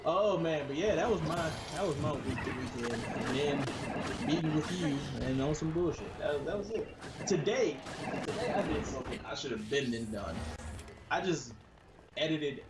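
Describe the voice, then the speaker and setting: A man's voice: a little high, lively intonation, moderate pace, heavy background noise. A man co-hosting a gaming stream, chatting casually and animatedly, often slipping into mock accents and voices. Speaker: gaming channel co-host. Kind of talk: casual chat while streaming a game. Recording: echoey room with loud game music.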